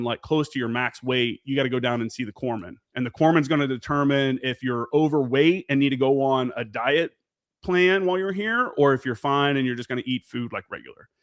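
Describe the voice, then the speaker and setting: A man's voice: medium pitch, dry recording, studio quality. A man in his forties, a veteran guest on a podcast, telling stories in a casual, profane way and acting out the remembered dialogue. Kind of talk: casual storytelling interview.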